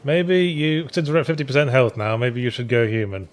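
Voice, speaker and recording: A man's voice: mid-range voice, lively intonation, fairly quick. A man co-hosting a let's play with casual gameplay commentary, dry and teasing as he guides the other player.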